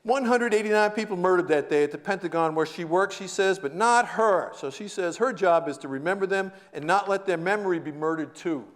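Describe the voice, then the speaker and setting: An American man giving a storytelling lecture in a hall, animated, laughing often and shouting out quoted lines. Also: high voice, a little fast, few pauses. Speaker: guest lecturer.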